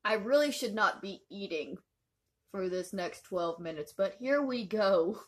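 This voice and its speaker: A woman's voice: mid-range voice, expressive, a little slow. A woman giving casual, wry commentary over a clip.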